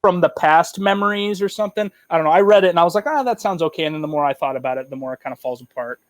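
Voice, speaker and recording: A man's voice: fairly high pitch, steady tone, racing, no echo. A man co-hosting a podcast in casual chat, rambling and swearing, with lots of fillers. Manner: loose, profane, rambling with fillers. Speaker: podcast co-host.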